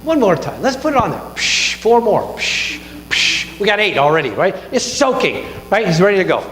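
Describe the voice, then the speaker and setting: A man preaching a sermon, retelling a Bible story with lively asides and questions to the room. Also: high-pitched, moderate pace. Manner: animated storytelling with asides like "right?". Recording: echoey hall with faint mains hum.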